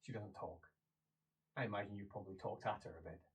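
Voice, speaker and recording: A woman's voice: very deep voice, quick pace. A woman, narrating a tabletop game as game master, often laughing.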